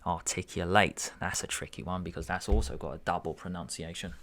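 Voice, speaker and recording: A man tutoring, working through a verbal reasoning test paper aloud and musing over each answer. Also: sits low. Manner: musing, unhurried, self-correcting.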